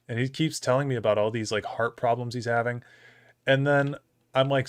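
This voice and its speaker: A man's voice: mid-range voice, steady tone, moderate pace, clean tone. A young man streaming, telling a rambling anecdote about an old coworker and laughing often as he talks. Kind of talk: casual storytelling on a live stream.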